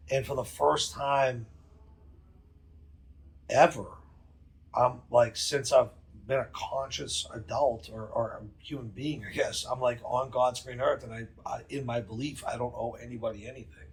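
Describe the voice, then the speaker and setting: A man, telling a story as a podcast guest in a profane, emphatic, rapid way. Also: medium pitch, fairly bright tone. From New England. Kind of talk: casual storytelling.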